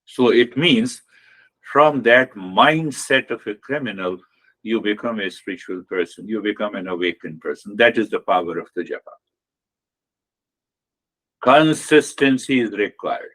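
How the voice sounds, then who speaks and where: A man giving a spiritual talk on meditation as a teacher, explaining in an unhurried way and repeating key phrases. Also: fairly low pitch, fairly bright tone.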